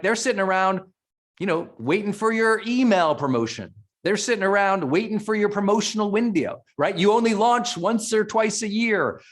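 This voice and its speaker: A middle-aged man speaking as a summit presenter at a live online session, fired up and energetic, repeating phrases for emphasis. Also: high voice. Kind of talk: live webinar teaching.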